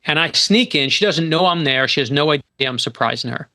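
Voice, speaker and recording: A middle-aged man from New York, a guest author telling a story on a podcast in an animated, emphatic way, often restarting his sentences. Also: fairly high pitch, fast.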